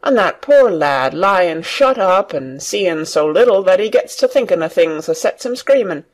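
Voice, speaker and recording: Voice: medium pitch, lively intonation, moderate pace. A reader doing a cheerful country farm boy. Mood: eager. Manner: broad country dialect, eager. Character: cheerful Yorkshire farm boy, nature-loving. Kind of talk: audiobook reading for learners.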